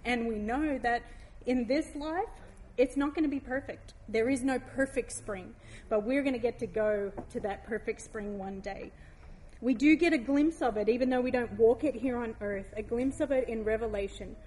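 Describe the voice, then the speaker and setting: Heartfelt woman giving a devotional talk. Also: a little high. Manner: heartfelt, gently emotional, reads scripture aloud slowly.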